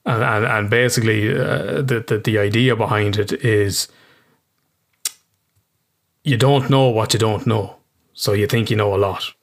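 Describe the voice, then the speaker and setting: Brief: Irish male therapist guest, low-pitched, relaxed and plain-spoken with casual swearing. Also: unhurried, long pauses. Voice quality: casual, swears freely, frequent restarts. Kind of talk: casual interview explanation.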